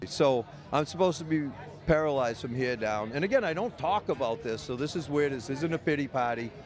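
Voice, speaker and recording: Man, rambling, blunt, profane, interview storytelling, loud music behind. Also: mid-range voice, animated, a little fast. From United States. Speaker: medical cannabis caregiver and patient. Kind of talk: candid personal storytelling in an interview.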